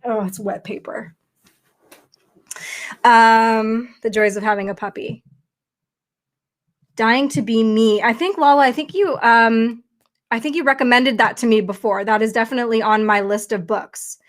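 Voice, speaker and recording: Chatty woman host with a high voice. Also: a little slow, pauses often. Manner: chatty, rambling with many fillers. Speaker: livestream host. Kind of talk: casual livestream chat.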